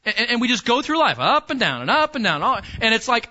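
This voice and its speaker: Male pastor, bright high voice, chatty sermon style with questions to the pews, dull lo-fi church recording. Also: sing-song, brisk, hardly any pauses. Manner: conversational, repeats key phrases, questions the congregation.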